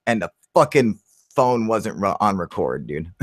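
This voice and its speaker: A man hosting a casual live chat, excitable and profane, calling everyone dude as he tells a story. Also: lowish voice, a little slow, no room sound, clean studio sound. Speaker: channel host on a livestream.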